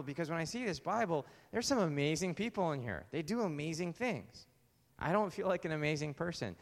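A man preaching a sermon in a relaxed, conversational way, asking one rhetorical question after another. His voice sits a little higher than most men's, and it carries a long reverb, as if it fills a large hall. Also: a little fast. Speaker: pastor.

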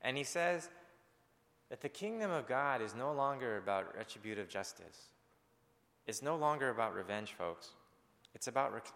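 A male pastor delivering a sermon, talking to his congregation in an earnest, conversational way. His voice has a gravelly edge, sits at a middle pitch, and trails off into the long reverb of a church sanctuary. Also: a bit bright.

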